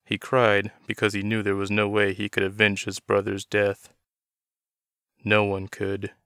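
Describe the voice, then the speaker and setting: A man reading a novel aloud as narrator, in a steady, measured storytelling manner. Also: on the low side, clear, resonant tone, no echo, clean studio sound.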